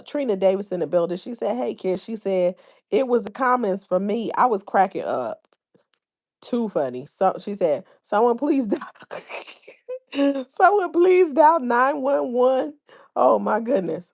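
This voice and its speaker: Chatty woman host reading live comments. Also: fairly low pitch. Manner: chatty, reads viewer comments aloud, informal slang. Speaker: livestream host.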